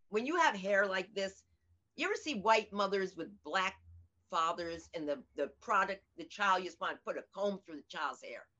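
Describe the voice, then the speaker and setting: In a casual interview, an older comedian guest talks in a medium-pitched, pushed, bright voice. She spins animated stories and imitates the voices of people she quotes, with the audio sounding dull and lo-fi.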